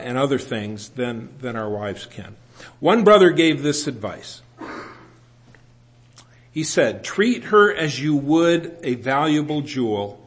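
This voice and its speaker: A man in his sixties preaching a sermon in an earnest way, slowing down to stress scripture and adding gentle humor about himself. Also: medium pitch. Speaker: pastor.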